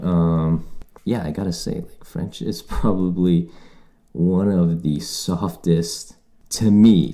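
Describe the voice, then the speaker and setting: A man's voice: low-pitched, dark tone. A Canadian man hosting a casual solo podcast, rambling and swearing freely as he restarts his thoughts. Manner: rambling, profane, self-correcting. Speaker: podcast host.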